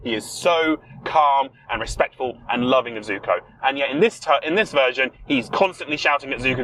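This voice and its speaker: A young man co-hosting a podcast in casual chat, talking in an opinionated, emphatic way with quick rebuttals. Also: mid-range voice, a crowd in the background, rough recording. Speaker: podcast co-host.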